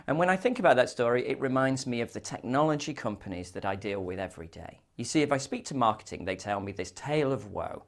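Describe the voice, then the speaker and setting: A man's voice: mid-range voice, fairly bright tone. A man giving a business talk, telling a joke and anecdotes in a wry, storytelling way. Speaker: business speaker.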